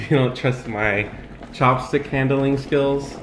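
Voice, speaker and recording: A cooking channel co-host talks casually and spins stories as he eats in a home video, acting out what he's thinking. He has a medium pitch with big swings and speaks at a moderate pace. The sound is roomy, with faint background noise.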